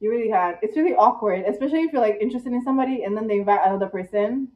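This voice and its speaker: A tired young woman vlogging casually in one take, chatty and dramatic, with squeaky rhetorical questions. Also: racing. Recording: echoey room, distant, dull mic.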